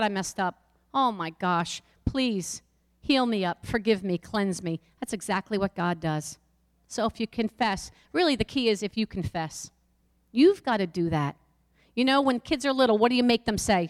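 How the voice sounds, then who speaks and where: A middle-aged woman pastor preaching a sermon, emphatic and repeating lines for the congregation. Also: fairly high pitch. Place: church sanctuary. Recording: long church hall reverb.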